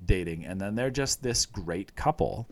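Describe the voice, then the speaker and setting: A man's voice: sits low, animated, normal speed. A man in casual chat, retelling scenes from a show with eager, rambling enthusiasm.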